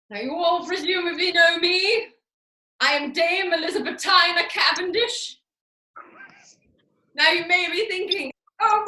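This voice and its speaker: A woman's voice: high-pitched, bright, forceful tone, echoey room, full character voice. A woman playing a self-important, grandiose theatre dame who hosts a comic master class over a video call. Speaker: host of a live online master class. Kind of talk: comic character performance.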